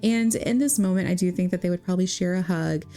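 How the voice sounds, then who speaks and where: A young woman narrates a game story in a casual, chatty, giggly way. Her voice is mellow and relaxed rather than bright. Soft plucked guitar plays faintly behind her. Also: on the low side, quick pace. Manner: chatty, giggly, with many "she's like" quotes. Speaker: gaming vlogger. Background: soft guitar music.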